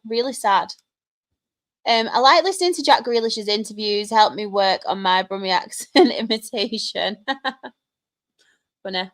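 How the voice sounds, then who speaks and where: A woman's voice: fairly high pitch, fairly bright tone. A young woman hosting a casual live Q&A stream, chatting, greeting viewers by name and laughing often. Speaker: live stream host reading chat.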